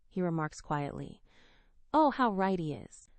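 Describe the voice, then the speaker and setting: Expressive woman reading a romance story. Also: on the low side, normal speed, no room sound. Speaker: audiobook narrator. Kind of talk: first-person romance narration.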